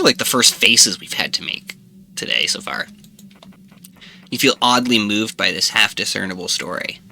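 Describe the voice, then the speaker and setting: A man's voice: lowish voice, vocal fry, bright, forceful tone, slight background noise. A young man streaming a story game, reading the narration and joking about it with frequent laughs. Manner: jokey, laughing, reads narration aloud. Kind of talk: let's play commentary, reading game text.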